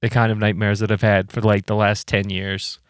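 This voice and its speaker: A man co-hosting a casual podcast chat, telling animated stories and acting out quoted voices with plenty of swearing. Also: on the low side, moderate pace, clean tone, no room sound, clean studio sound. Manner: animated storyteller who acts out quotes with lots of swearing. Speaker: band member and podcast co-host.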